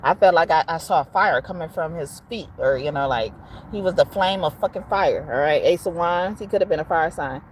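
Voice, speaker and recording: Low-voiced blunt woman tarot reader. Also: brisk, a little hiss or hum. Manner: blunt and profane, chatty with frequent laughs. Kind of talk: casual live tarot reading.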